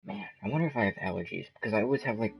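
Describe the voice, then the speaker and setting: A man's voice: fairly low pitch, racing, creaky, dull audio. A young man streaming a game, rambling casually while sniffling and eating. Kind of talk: casual gaming commentary.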